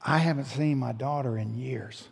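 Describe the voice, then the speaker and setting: A man's voice: mid-range voice, normal speed, vocal fry, slightly rough. A middle-aged man, a pastor telling a story in a sermon and acting out the people in it. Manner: animated storyteller, voicing the people in his story. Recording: long hall reverb.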